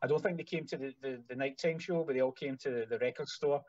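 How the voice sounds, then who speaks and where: A man's voice: medium pitch, fast talker, a little mellow, dry recording. Scottish man telling stories, dry muffled sound. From Scotland. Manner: rambling storyteller with many fillers. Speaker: band manager. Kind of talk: casual podcast chat.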